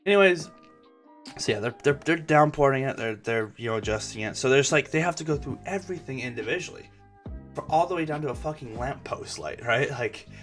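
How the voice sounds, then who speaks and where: A man's voice: medium pitch, lively intonation, brisk, a bit bright, faint music behind. A young man hosting a gaming channel chats casually and rambles, swearing often and stumbling into restarts. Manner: rambling, profane, stammering restarts. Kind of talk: casual chat.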